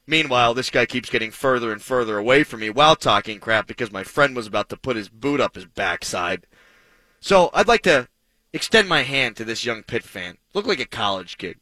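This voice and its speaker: A man's voice: mid-range voice, expressive, brisk, bright, forceful tone, no echo, poor audio. A man hosting a sports talk radio show, talking in an emphatic, punchy way with self-mocking asides, on a studio microphone.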